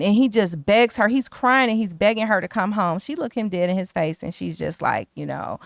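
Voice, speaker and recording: A woman's voice: mid-range voice, normal speed, vocal fry, hardly any pauses, dry recording. Woman co-host, mid-range voice, chatty movie-recap delivery, dry close mic. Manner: animated, acts out characters' lines in quotes; chatty, slangy.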